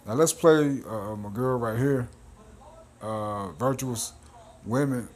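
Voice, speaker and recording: A man's voice: mid-range voice, slow pace, long pauses, a little mellow. A man hosting a religious commentary video, talking bluntly and preachily in informal slang between clips.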